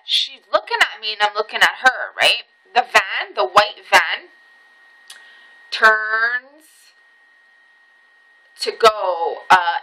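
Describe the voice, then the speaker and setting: A woman vlogger casually telling a personal story, swearing freely and jumping high in pitch at the tense parts. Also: low-quality recording. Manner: animated, swearing, voice jumps high when reliving tense moments.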